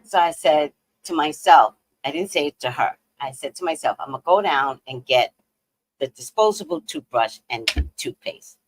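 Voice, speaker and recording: Lively woman host telling stories. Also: low voice, moderate pace, poor audio. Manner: animated storyteller, laughs often, swings between loud and hushed. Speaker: live stream host. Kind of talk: casual chat with viewers.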